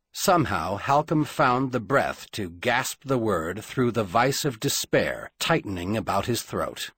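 Male audiobook reader, slow and dramatic, low husky voice with lively pitch. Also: dry recording, studio quality. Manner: measured, dramatic storytelling. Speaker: audiobook narrator. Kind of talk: scripted audiobook narration.

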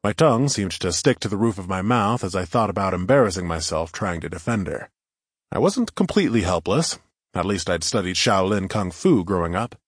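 A man's voice: sits low, animated, fairly quick, slightly rough, dry recording, studio quality. A man narrating a first-person adventure story in a wry, conversational way.

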